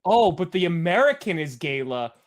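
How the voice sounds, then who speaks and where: Male co-host, loose banter, laughs a lot, pitch jumps around. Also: sing-song, moderate pace. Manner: laughs often, trails off and restarts. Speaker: podcast co-host. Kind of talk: casual sports podcast banter.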